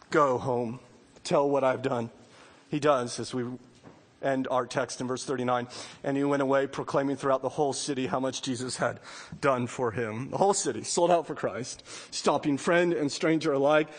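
A pastor preaching a sermon with lively delivery, acting out the voices of people in the story. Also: male voice, mid-range voice, big-room sound. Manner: animated preaching, acts out voices of biblical figures.

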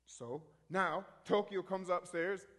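A man telling a story in a rambling, halting way, full of restarts, as a minister sharing a testimony. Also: high-pitched, fairly bright tone, big-room sound.

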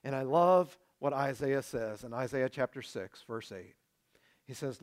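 A pastor preaching a sermon, swinging between loud passionate build-ups and hushed, quiet appeals. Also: male voice, mid-range voice, measured pace.

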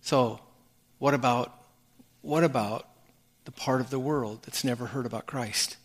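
A male pastor, speaking in a mid-range voice at a measured pace, gives an earnest sermon on a scripture passage, repeatedly restarting his phrases. The recording has a long hall reverb.

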